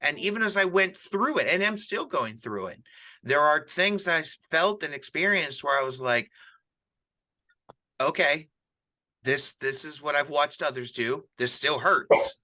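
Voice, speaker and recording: A man's voice: fairly high pitch, lively intonation, a little slow, pushed and bright. A middle-aged man, a pastor and podcast host, talking earnestly about grief in a casual chat, often restarting his sentences. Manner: earnest, rambling with frequent restarts. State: widowed, grieving.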